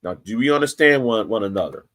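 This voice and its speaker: A man's voice: fairly low pitch, animated, quick pace, a bit bright. Man ranting angrily at rivals. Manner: confrontational, threatening, profane, repeats himself. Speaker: YouTube commentator. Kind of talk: angry direct-to-camera rant.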